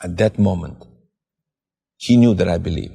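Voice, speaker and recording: Gravelly low man telling his testimony. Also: mellow, long reverb tail. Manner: halting, repeats words, restarts sentences. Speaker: guest giving testimony. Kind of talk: emotional personal testimony.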